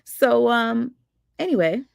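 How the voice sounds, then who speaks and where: A woman hosting a casual livestream, talking to her viewers in an animated, indignant way. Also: a little high, slow, creaky, clean tone, dry recording, clean studio sound. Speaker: livestream host.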